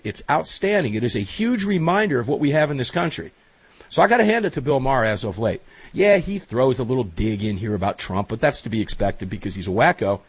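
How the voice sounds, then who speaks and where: A man hosting a casual chat show, telling stories in a chatty, animated way. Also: on the high side, slightly rough, no room sound. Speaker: host.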